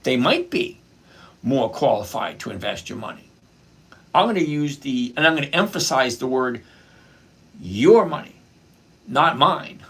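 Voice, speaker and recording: Husky chatty man on a trading livestream. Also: medium pitch, animated, moderate pace, a bit bright. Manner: chatty, greets viewers by name, answers questions. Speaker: livestream host reading chat. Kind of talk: casual live stock-trading chat.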